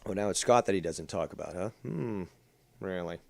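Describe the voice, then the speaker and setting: A man's voice: low-pitched, normal speed, creaky, dry recording. A man hosting a live stream, giving sarcastic, mocking commentary on clips and reading out chat. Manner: sarcastic, mocking, casual with frequent "dude". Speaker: drama commentary streamer host.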